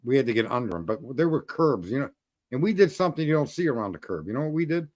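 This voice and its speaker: A man's voice: medium pitch, big pitch swings, quick pace, darkish tone, dry recording. A man in casual chat, telling a roofing story in a blunt, profane way. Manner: storytelling, profane, talks through trade details.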